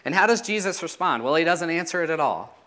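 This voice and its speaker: A man's voice: a little high, expressive, fast talker, bright, forceful tone. Man, preacher, sermon, teaching tone, rhetorical questions, falling phrase ends.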